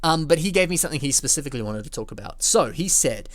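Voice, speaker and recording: A man's voice: fairly high pitch, expressive, fast, no room sound, clean studio sound. A young man hosting a casual video show, giving rambling, filler-heavy feedback on fans' building projects. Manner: chatty and rambling, full of fillers. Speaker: host reviewing fan building projects.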